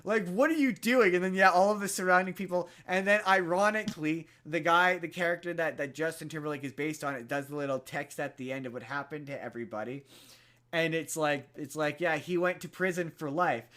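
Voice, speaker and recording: A young man on a casual podcast, slightly higher-pitched than most men. He rambles through a movie plot full of "like" and restarts, getting animated as he goes. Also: brisk. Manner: rambling retelling of a movie plot with many fillers. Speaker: podcast co-host. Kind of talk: casual chat.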